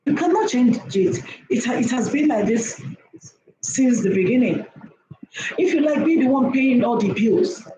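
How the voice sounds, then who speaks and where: With a warm, animated voice that sits high, a woman speaks at a moderate pace, handing out preachy relationship advice to women. Emphatic and repetitive, she keeps asking "okay?" to check on her listeners; the recording has an echoey room and faint noise.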